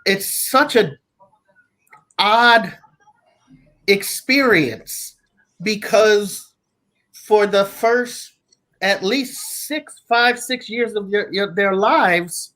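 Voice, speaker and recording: A man talking as a guest father, reflective and halting, with frequent restarts. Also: high voice, bright, forceful tone. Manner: slow, thoughtful, halting with restarts. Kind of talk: reflective casual talk.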